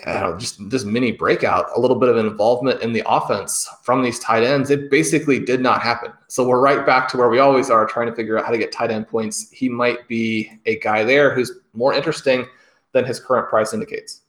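A man's voice: mid-range voice, steady tone, fairly quick, fairly bright tone. Chatty man in a roomy-sounding space. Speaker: podcast co-host. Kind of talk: casual podcast chat. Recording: roomy echo.

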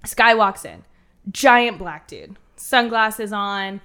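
A woman in her thirties from Ohio tells a story as a guest, animated and quick to laugh. Her voice is bright and crisp, sitting at an ordinary middle pitch. She talks casually and throws in the odd curse. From Ohio, USA.

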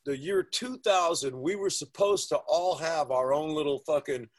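A man in a casual podcast conversation, telling animated stories and swearing freely. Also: on the high side, moderate pace.

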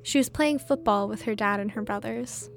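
A woman's voice: mid-range voice, moderate pace, gravelly, faint music behind. A woman reporter giving scripted narration in a conversational, explaining way.

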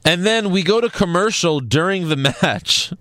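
A man's voice: high-pitched, animated, moderate pace, fairly bright tone, no echo. A man co-hosting a casual chat, rambling and laughing often. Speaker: podcast co-host.

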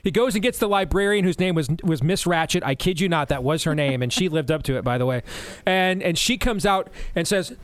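A middle-aged man hosting a radio show, telling a long story in a rambling, animated way with many restarts. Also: sits high, a little fast, no room sound. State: deaf in one ear. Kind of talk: casual storytelling.

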